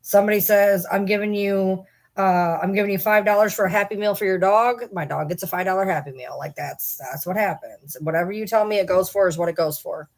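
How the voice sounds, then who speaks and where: A woman's voice: mid-range voice, a little fast. A woman hosting a casual livestream, chatting and rambling to viewers and swearing casually. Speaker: livestream host.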